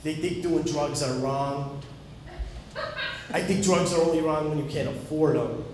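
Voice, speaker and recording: A man's voice: a little high, unhurried, darkish tone, recorded from a distance, a little hiss or hum. A man doing a stand-up comedy set, punchy storytelling with acted-out dialogue. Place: comedy club stage before an audience. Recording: very echoey live club recording.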